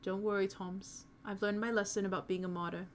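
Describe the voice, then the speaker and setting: A woman reading the lines of a remorseful older brother from a fan story, quiet and earnest. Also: medium pitch, level tone, fairly quick, slight background noise, lightly acted. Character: older brother, young man, remorseful and gentle. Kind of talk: reading fan fiction aloud on stream.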